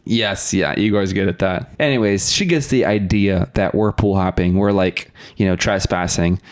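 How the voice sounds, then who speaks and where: A man's voice: low-pitched, normal speed. A young man, a podcast guest, casually telling stories and laughing often. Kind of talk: casual storytelling.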